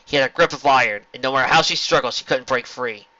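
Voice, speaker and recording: A man reading a fan fiction story aloud with expressive narration. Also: medium pitch, fast, no echo. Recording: lo-fi home recording.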